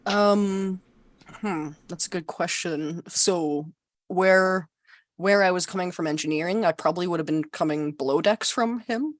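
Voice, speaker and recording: An adult player in a tabletop role-playing game thinks out loud, musing over choices and restarting sentences. The voice sits close and dry, with no room sound around it. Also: medium pitch, measured pace, dry recording. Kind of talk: tabletop role-play chat.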